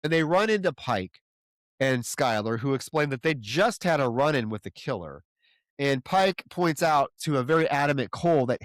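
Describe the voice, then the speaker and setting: A man co-hosts a horror podcast and recaps the plot in an exasperated, profane, casual way. His voice sits at an ordinary male pitch. The recording is dry and close. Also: expressive, moderate pace, fairly bright tone, no echo. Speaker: podcast co-host.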